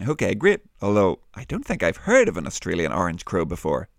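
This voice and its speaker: Man, kids' podcast host, low and lively, teacherly. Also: a little fast, vocal fry, dry recording, clean studio sound. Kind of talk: friendly kids' Bible podcast.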